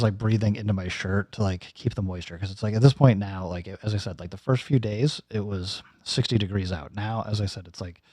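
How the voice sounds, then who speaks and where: Low, dark-voiced man telling a story. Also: no echo. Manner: rambling, many fillers and restarts. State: recovering from nose and throat surgery. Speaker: YouTuber giving a personal update. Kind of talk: casual storytelling vlog.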